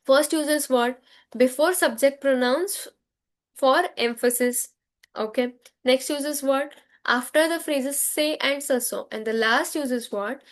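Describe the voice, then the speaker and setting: High-voiced Indian woman teaching French. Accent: Indian English. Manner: slow, repetitive drilling with call-and-response. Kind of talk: grammar lesson for students.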